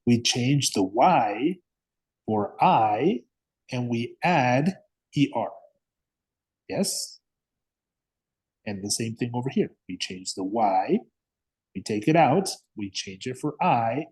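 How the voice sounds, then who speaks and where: Male English teacher, slow and patient, slightly husky, checks in with students constantly. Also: mid-range voice, expressive, a little mellow. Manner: patient, repeats words slowly, frequent "yes?" and "okay?" checks. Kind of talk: classroom grammar lesson.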